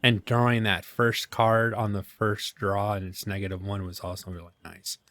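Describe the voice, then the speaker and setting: With a lowish, slightly bright voice and a flat delivery at normal speed, this gaming channel host thinks aloud during casual let's-play commentary, chuckling at his own expense. He records at his home gaming setup, and there's no echo.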